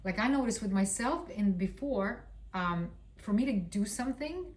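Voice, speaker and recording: A woman's voice: mid-range voice, lively intonation, moderate pace. A woman with a Russian accent giving a casual astrology reading, rambling with fillers and blunt swearing. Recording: roomy sound, distant from mic.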